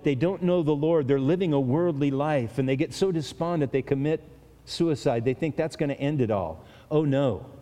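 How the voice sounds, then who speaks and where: Mellow-voiced man preaching in a reverberant hall. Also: mid-range voice. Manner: earnest, conversational, speaks directly to listeners. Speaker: pastor. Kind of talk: expository sermon.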